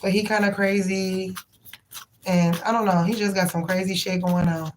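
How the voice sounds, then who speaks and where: A woman's voice: mid-range voice, steady tone, normal speed, a little hiss or hum, low-quality recording. Chatty slangy woman tarot reader, live. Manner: rhythmic chanted prayer. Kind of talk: casual live-stream chat with viewers.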